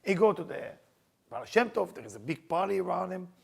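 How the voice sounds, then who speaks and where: Gravelly high-voiced storytelling teacher. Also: male voice, brisk. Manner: animated storyteller, acting out characters' lines, non-native grammar. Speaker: Kabbalah teacher. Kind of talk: storytelling sermon.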